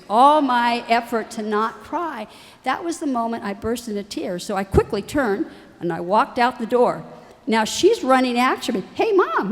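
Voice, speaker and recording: A middle-aged woman, a university president's wife, telling lively family stories to an audience and acting out the voices of the people in them. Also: medium pitch. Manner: animated, acts out quoted voices. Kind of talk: storytelling talk to an audience. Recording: reverberant hall.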